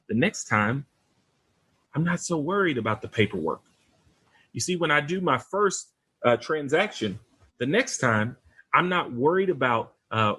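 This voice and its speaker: A man, a podcast host giving an animated, motivational talk that calls out to listeners as y'all. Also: mid-range voice, slightly rough. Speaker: podcast host and real estate investor.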